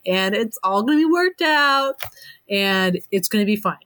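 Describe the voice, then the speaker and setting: A woman's voice: medium pitch, animated, normal speed, fairly bright tone, no room sound. Laughing, chatty woman podcaster. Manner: chatty, laughs often, hedging. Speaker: podcast co-host. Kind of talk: casual chat about fan fiction.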